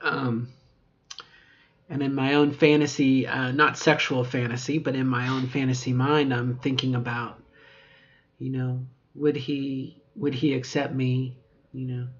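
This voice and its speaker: A woman's voice: very deep voice, level tone, measured pace, muffled recording, a little hiss or hum. A middle-aged woman talking to camera in a casual video diary, reflective and rambling, with many fillers. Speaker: vlogger.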